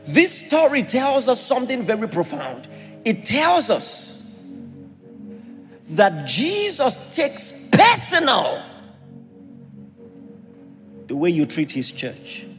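A Nigerian man preaching a sermon as a pastor, animated and acting out voices in his stories. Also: high voice, long reverb tail.

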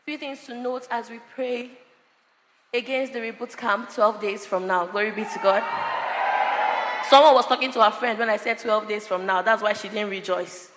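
A woman preaching a sermon at a church prayer service, often shouting as she preaches. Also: on the high side, steady tone, moderate pace, noisy background. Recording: echoey church hall.

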